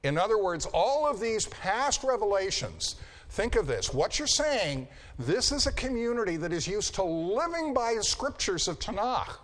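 A man's voice: high-pitched, very animated, normal speed, a bit bright. A man lecturing a Bible class, repeating key phrases for emphasis and checking in with his students. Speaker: Bible teacher.

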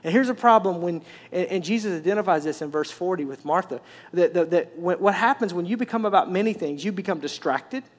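A man pastor preaching a sermon, telling the story in an animated way with repetitive, emphatic phrasing. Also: high voice, fairly quick.

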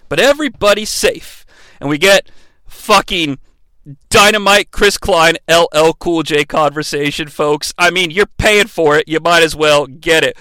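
A man's voice: high voice, normal speed, pushed and bright, no room sound. A man hosting a comedic movie recap, sarcastic and profane. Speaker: movie reviewer, host.

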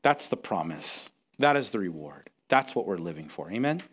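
A middle-aged man preaching a sermon as pastor, telling stories with lively acted-out quotes and often repeating words as he restarts. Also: low voice, normal speed. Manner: animated storytelling, acts out quotes.

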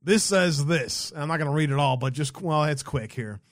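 Man, fairly high voice, dry close sound, sarcastic livestream co-host, swears, mocking asides. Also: expressive, normal speed, no echo. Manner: sarcastic, profane, reads headlines aloud with mocking asides. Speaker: podcast co-host. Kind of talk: casual political livestream chat.

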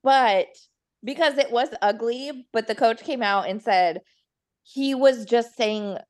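A woman's voice: on the high side, slow. Chatty woman podcast co-host. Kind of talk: casual chat.

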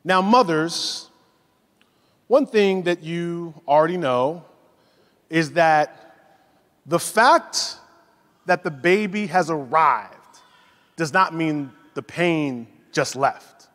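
A man in his forties preaching a sermon, telling stories in a lively way and acting out the voices of the people in them. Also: a little high, slow, pauses often. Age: 40s. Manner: animated storytelling, acts out voices. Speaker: pastor. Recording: long hall reverb.

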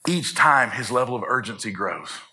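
A man's voice: medium pitch, expressive, normal speed, sharp tone. A man preaching a sermon in an earnest tone, building urgency and repeating words when he gets fired up.

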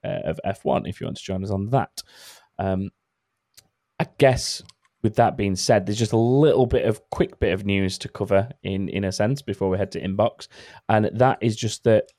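Low-voiced relaxed podcast host. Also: male voice, dry recording, clean studio sound. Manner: relaxed, rambling with fillers. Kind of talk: casual chat.

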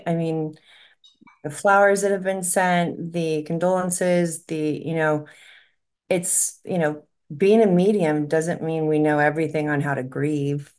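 A woman, a medium co-hosting a podcast, talking in a rambling, emotional way and laughing often. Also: lowish voice. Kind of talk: casual podcast conversation.

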